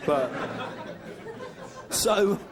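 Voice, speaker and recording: A man from England performing a live stand-up routine, deadpan and ironic, with halting self-corrections. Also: high voice. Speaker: stand-up comedian. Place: live comedy venue. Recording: noisy live stand-up recording.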